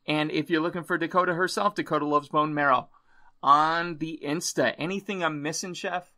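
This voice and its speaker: A man's voice: a little high, fairly even intonation, moderate pace, sharp tone. A man hosting a podcast interview, enthusiastic and openly sentimental. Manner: enthusiastic, gushing, chokes up at times. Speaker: podcast host. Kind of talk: casual interview chat.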